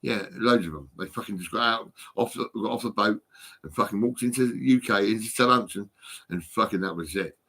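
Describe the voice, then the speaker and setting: Man, phone vlog rant; repetitive, profane, agitated; bright, slightly husky tone. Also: on the low side, fairly quick. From United Kingdom. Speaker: vlogger. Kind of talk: rambling angry monologue.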